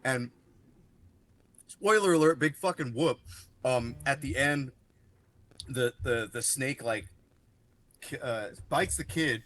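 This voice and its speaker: Bright-voiced man rambling on a podcast. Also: medium pitch, slow pace, pauses often. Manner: rambling, heavy on fillers and swearing. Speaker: podcast co-host. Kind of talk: casual chat.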